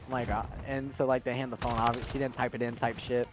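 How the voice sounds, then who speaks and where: A man's voice: mid-range voice, quick pace, music in the background. A young man from Texas, a streamer, telling rambling, profane stories in casual chat and laughing often.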